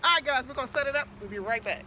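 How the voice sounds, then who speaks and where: A middle-aged woman talks to her vlog viewers outdoors, her voice high and bright. She sounds playful and chatty and is often out of breath. A light hum of outdoor noise sits behind her. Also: expressive, rapid-fire. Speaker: vlogger.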